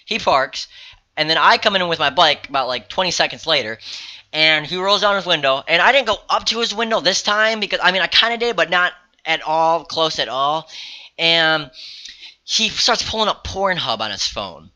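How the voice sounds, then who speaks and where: A man's voice: fairly high pitch, expressive, normal speed, sharp tone. A young man telling a story in a casual vlog, rambling, swearing freely and correcting himself as he goes. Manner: rambling, profane, self-correcting. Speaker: vlogger.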